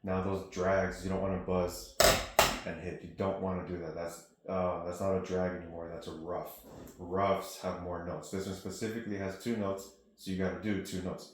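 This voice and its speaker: Brief: deep, monotone male drum teacher, practical and steady, echoey studio with loud drumming behind. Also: moderate pace, heavy background noise. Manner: steady, practical explanations mixed with spoken counts. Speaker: drum instructor. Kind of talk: casual teaching with counting aloud. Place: music studio room. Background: snare drum playing.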